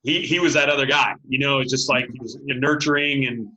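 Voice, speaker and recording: A man in his late forties, a high school football coach, telling stories as an interview guest and acting out what people said. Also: a little fast, lo-fi sound. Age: late 40s. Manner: animated storyteller, acts out quotes, laughs often. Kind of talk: casual interview storytelling.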